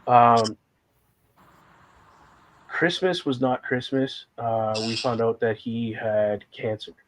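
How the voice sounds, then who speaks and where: A man's voice: medium pitch, steady tone, takes it slowly, slight background noise, low-quality recording. A man talking candidly and emotionally in a casual conversation, a guest sharing a personal story with rambling fillers and moments of fighting back tears.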